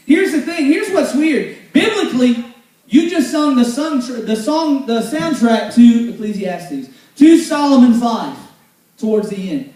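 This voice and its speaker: A man's voice: extremely high pitch, normal speed. A man preaching a casual, joking sermon to a youth group in a church hall. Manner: joking, loud and animated, teasing the sound crew. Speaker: youth pastor. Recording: echoey hall, voice far from the mic.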